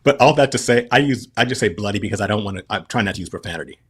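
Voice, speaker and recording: A man's voice: fairly low pitch, lively intonation, racing, breathy edge. A man speaking as a podcast guest in casual chat, rambling with frequent restarts.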